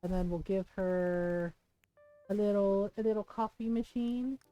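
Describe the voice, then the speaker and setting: Woman streamer, mellow and chatty, casual rambling gameplay talk, faint music behind. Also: medium pitch, unhurried.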